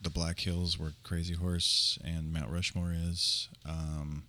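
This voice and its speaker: A man, a touring comedian, chatting casually with dry, deadpan jokes. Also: low voice, slow pace. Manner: dry joking, deadpan quips. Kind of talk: casual chat.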